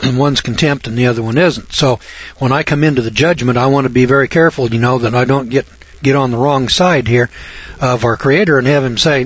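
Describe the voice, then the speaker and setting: A man's voice: medium pitch, brisk, breathy edge, no room sound. A man giving a rambling, folksy Bible talk, with chuckling asides and jokes at his own expense. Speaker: Bible teacher. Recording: dull dry lo-fi recording.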